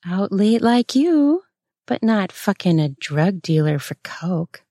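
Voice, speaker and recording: A woman reading a story aloud, voicing a defiant young novice nun with sharp, mocking retorts in a raised voice. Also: mid-range voice, sing-song, slow pace, no echo, clean studio sound, exaggerated voice.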